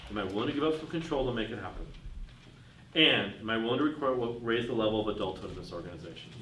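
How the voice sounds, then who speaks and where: A man's voice: fairly low pitch, animated, fast talker, a bit bright. A man giving a workshop talk to an audience, telling anecdotes and putting questions to the room. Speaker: business speaker. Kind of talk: workshop talk with told stories. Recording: roomy, far from the mic, faint noise.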